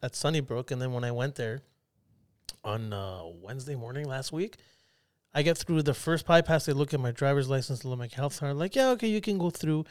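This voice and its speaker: A man's voice: mid-range voice, a little fast, dry recording, studio quality. A man in his forties co-hosting a podcast, telling a story in casual chat and acting out both sides of the dialogue. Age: 40s. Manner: animated storyteller, acts out dialogue. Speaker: podcast co-host.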